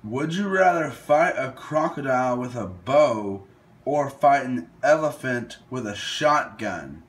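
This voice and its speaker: A man's voice: medium pitch, lively intonation, slow pace. A young man casually commenting while playing a would-you-rather game, thinking aloud and hesitating over his picks. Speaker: gaming video host.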